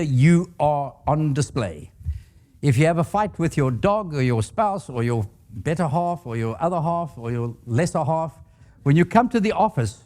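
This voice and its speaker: An older man giving a talk on leadership, with a lively voice that swoops up and down and sits a little high. He tells anecdotes with humor and keeps asking the audience questions. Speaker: guest speaker.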